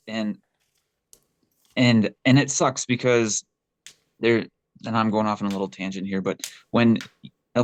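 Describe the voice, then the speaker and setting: A man's voice: fairly low pitch, no room sound. A man speaking candidly and with feeling as an interview guest, a former pole vaulter who swears freely and often restarts his sentences. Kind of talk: casual interview conversation.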